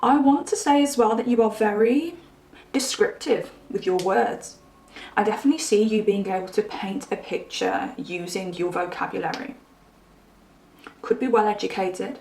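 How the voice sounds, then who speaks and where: A woman's voice: medium pitch, moderate pace, darkish tone, a little hiss or hum. A woman giving a chatty pick-a-card tarot reading, musing aloud with frequent asides. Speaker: tarot reader. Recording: roomy echo.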